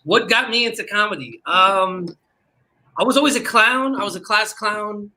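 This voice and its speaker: A man, a comedian guest, telling a story with quick jokes and asides. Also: sits high, sharp tone, slight background noise. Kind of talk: casual comedians' chat.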